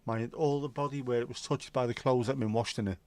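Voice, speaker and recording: A man's voice: medium pitch, steady tone, fast, darkish tone, dry recording. A man hosting a livestream, chatting casually and cheekily with viewers and reading out their comments by name. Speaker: livestream host.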